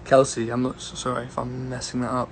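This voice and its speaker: A young man talks in a rambling, easygoing way, greeting viewers by name as he answers their questions. His voice sits at an everyday middle pitch. It is picked up on a phone during a casual livestream. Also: completely flat delivery, fairly quick, a little hiss or hum. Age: young adult. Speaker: singer-songwriter.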